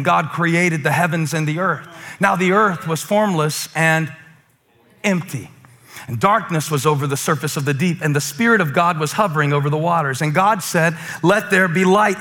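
A man preaching a sermon as pastor, playful and animated, swinging between loud bursts and hushed lines. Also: on the high side.

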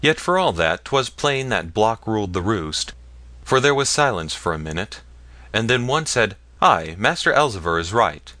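Low-voiced male audiobook narrator. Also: sing-song, normal speed, bright, forceful tone, no echo. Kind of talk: scripted narration.

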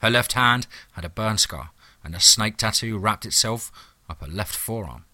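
A man's voice: fairly low pitch, animated, moderate pace, sharp tone, no room sound. A man narrating a first-person horror story in a wry, hard-boiled, profane manner.

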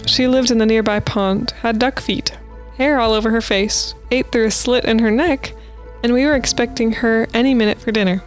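A woman's voice: fairly high pitch, steady tone, normal speed, hardly any pauses, faint music behind. A woman co-hosting a podcast, reading listener stories aloud in a casual, playful way with asides. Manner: reads posts aloud with playful asides and laughs.

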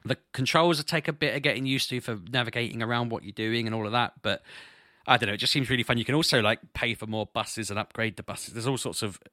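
A man chatting casually on a podcast, telling rambling, amused stories with a slightly hoarse voice. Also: medium pitch, fast talker, pushed and bright, no echo, studio quality. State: slightly hoarse, clearing throat. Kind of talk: casual chat.

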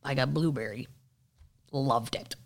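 A woman comedian talks through a story in a loose, rambling chat. She is animated and slangy, with plenty of asides. Now and then she drops into silly impressions. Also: extremely low pitch, measured pace. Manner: chatty, rambling with fillers and slang. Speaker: comedian podcast host.

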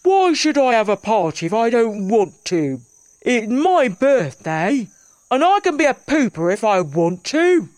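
A woman voicing a grumpy young bear in a storybook reading, in a gruff, grumbling manner. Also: on the low side, sing-song, slow pace, dry recording.

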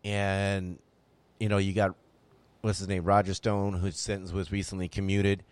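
A man's voice: sits low, moderate pace, clean tone, no echo. A man hosting a political talk show, speaking emphatically and repeating phrases to drive his points home. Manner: emphatic, animated, repeats himself when making a point. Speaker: podcast host.

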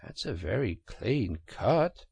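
A man voicing a brisk, kindly male water rat who is easily exasperated, speaking emphatically. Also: lowish voice, big pitch swings, vocal fry, darkish tone, slightly rough, no room sound, heavily acted. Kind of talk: audiobook character reading.

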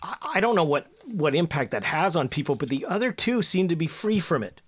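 A man giving animated political commentary as a panelist, stringing his thoughts together with casual fillers. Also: a little high, a little fast, breathy edge.

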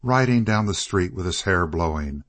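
A man voicing a proud, guarded older woman for an audiobook, raising his voice slightly higher and softer. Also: lively intonation, normal speed, dry recording. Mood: wistful.

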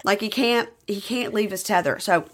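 A woman's voice: mid-range voice, moderate pace. A woman co-hosting a podcast, casually retelling scenes in a chatty way. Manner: retells scenes with lots of fillers and restarts. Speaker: podcast co-host. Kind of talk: casual recap chat.

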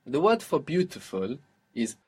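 A man's voice: medium pitch, very animated, measured pace, husky. A man teaching a spoken Arabic lesson, explaining patiently and prompting his student with questions.

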